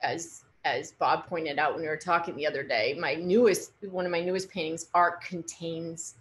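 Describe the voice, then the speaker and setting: Female artist, forties, slightly low voice, hesitant and halting, casual talk. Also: fairly even intonation, a little hiss or hum. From United States. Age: 40s. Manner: hesitant, halting, many restarts. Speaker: artist guest. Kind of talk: casual conversation.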